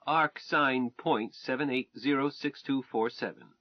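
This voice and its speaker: A man's voice: mid-range voice, a little slow, no room sound, close to an everyday voice. A man reading a math-minded young wife in an audiobook, earnest and precise as she recites calculations, on a dull, dry recording.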